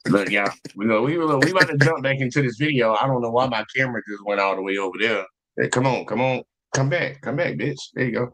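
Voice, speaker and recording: A man's voice: medium pitch, quick pace, fairly bright tone, poor audio. A man hosting a casual livestream chat, talking emphatically and swearing freely. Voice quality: profane, emphatic. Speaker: stream host.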